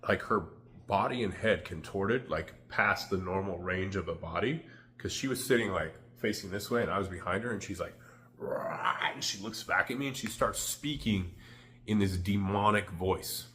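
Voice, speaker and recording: A man's voice: low-pitched, moderate pace, a bit bright. A man telling a candid, rambling personal story to the camera, full of "like" fillers. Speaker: vlogger.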